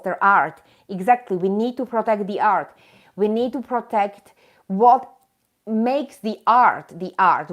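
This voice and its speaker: A woman hosting a live stream, ranting with indignant emphasis and breaking into chatty, self-mocking asides to viewers. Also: medium pitch. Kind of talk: impassioned live chat rant.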